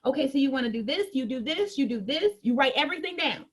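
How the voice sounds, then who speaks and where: High-voiced, chatty female sales trainer. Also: fast. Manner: lively, conversational, addresses listeners directly.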